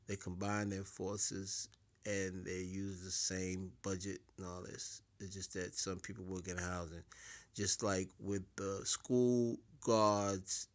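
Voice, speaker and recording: A man talks in a slow, unhurried preaching-style lecture. His voice sits a little low, and he repeats words as he builds each point. He gets louder whenever he wants something to land. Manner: deliberate, repeats words, swells louder for emphasis. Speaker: speaker giving a talk.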